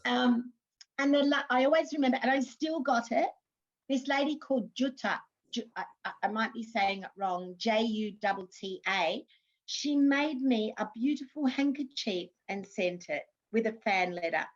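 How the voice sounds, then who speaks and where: Australian woman, fifties, chatty storyteller, slightly high voice, dull lo-fi sound. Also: moderate pace. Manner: chatty, warm anecdotes with laughs and restarts. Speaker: guest, former TV actress. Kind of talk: casual interview storytelling.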